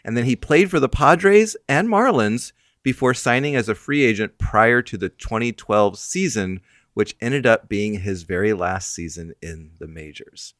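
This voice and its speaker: A man's voice: on the low side, lively intonation, measured pace, fairly bright tone, dry recording, studio quality. A man co-hosting a casual podcast chat, teasing and coaxing his co-host to open up, then reading out a trivia answer. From United States.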